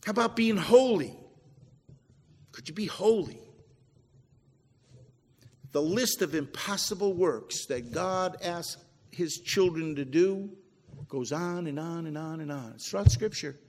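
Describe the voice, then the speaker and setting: A man preaching a sermon as pastor, swinging between emphatic peaks and low, quiet drops. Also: a little slow, pauses often, in a large hall. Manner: preachy, rising to emphatic then dropping low. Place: church sanctuary.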